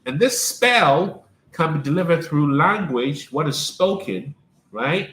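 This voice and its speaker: Emphatic high-voiced man in an echoey room. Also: animated, takes it slowly, a bit bright. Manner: repetitive, emphatic, preacher-like, addresses viewers by name. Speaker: life coach hosting a live stream. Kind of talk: live-streamed spiritual talk.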